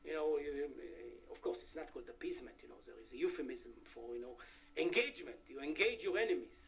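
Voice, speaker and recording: A middle-aged man giving an academic conference talk, halting with many fillers and wry asides to the audience. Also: on the high side, lively intonation, creaky. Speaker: conference speaker. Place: conference hall.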